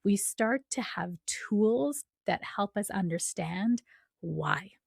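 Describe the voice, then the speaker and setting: A woman's voice: mid-range voice, lively intonation, slow, gravelly, dry recording, studio quality. A woman hosting a spiritual podcast in a casual, chatty way, often checking in with "right?". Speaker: podcast host and coach.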